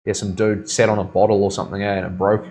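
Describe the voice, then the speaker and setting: A man's voice: fairly low pitch, little pitch movement, fast talker, a little mellow, a little hiss or hum. A man with a New Zealand accent hosting a tattoo livestream in a studio, joking, laughing often and reading the chat aloud. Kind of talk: casual livestream banter.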